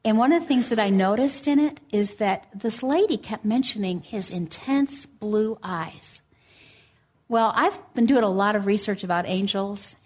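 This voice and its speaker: A woman preaching a sermon, telling a story in a gentle, earnest way and reading scripture aloud. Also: mid-range voice.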